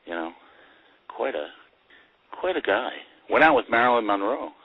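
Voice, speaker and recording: A man's voice: mid-range voice, normal speed, phone-quality sound. An older man, a guest actor, telling chuckling anecdotes in a casual interview. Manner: chuckling storyteller with lively voices for quoted people.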